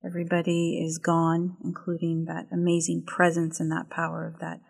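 A woman's voice: on the low side, completely flat delivery, moderate pace, creaky. A woman guest speaking in a heartfelt way in a casual group conversation. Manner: heartfelt, faith-centered.

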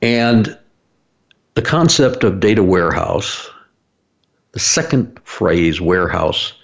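A man's voice: low-pitched, big pitch swings, slow, gravelly, highs cut off. A man hosting his own broadcast, telling a story in a rambling way with lots of fillers and restarts. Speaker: broadcast host. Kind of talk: casual explanatory monologue.

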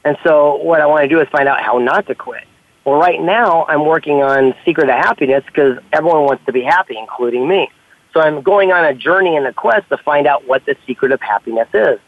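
Animated storytelling man on a tinny line. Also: fairly high pitch, a little fast, no echo. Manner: animated, acts out dialogue in quotes. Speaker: author and podcast guest. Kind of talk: casual storytelling conversation.

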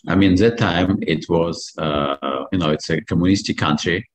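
A middle-aged man from Belarus with a Belarusian accent, a guest answering interview questions earnestly and with hesitant pauses. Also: deep voice.

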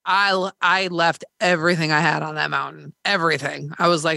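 A woman's voice: lowish voice, fairly even intonation, normal speed, creaky, hardly any pauses, bright, forceful tone, no echo, clean studio sound. A woman hosting a podcast, candidly retelling a hard experience in casual chat, swearing freely and acting out quoted dialogue. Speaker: podcast host.

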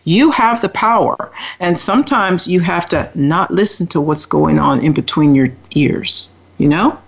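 A woman with a very low voice speaks in an encouraging, agreeable way, keeping the chat casual. The audio is dull and lo-fi. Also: lively intonation, measured pace, vocal fry.

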